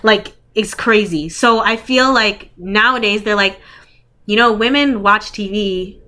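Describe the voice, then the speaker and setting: Woman co-host, bright tense tone, mid pitch, chatty casual talk. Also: measured pace. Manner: chatty, fills with "like". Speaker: podcast co-host. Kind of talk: casual chat about movies.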